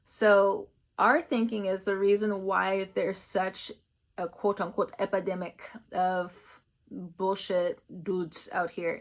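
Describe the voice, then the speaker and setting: A young woman giving a casual, rambling spiritual reading, chatty and laughing often. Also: mid-range voice. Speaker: tarot reader.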